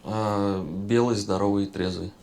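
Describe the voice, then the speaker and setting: A man answering interview questions slowly and haltingly. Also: fairly low pitch, fairly even intonation, darkish tone.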